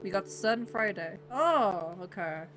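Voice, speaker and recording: A woman's voice: medium pitch, expressive, a little slow, background noise. Chatty young Irish woman streaming. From Ireland. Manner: rambling, defensive, talks to chat. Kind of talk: casual live-stream chat. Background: game music.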